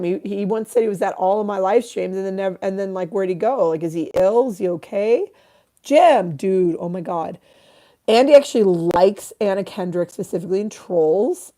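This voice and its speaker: A woman's voice: medium pitch, normal speed, mellow. A woman in her thirties hosting a casual livestream, rambling, swearing freely and reading out chat comments. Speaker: livestream host.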